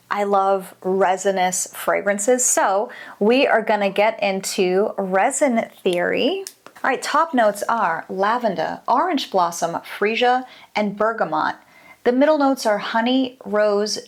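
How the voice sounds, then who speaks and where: A woman in her adult years giving a casual, enthusiastic product review as a candle maker, exclaiming often as she talks. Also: medium pitch.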